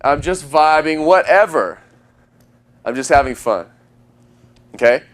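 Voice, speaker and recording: A man giving dating advice as a coach, talking emphatically and using long pauses for effect. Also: fairly high pitch, lively intonation. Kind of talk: instructional talk.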